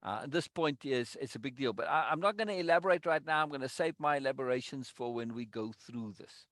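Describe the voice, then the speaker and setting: A man's voice: medium pitch, fast talker, a bit bright, dry recording, clean studio sound. A man leading a live online teaching session, affirming students and repeating key points for stress. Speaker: course leader.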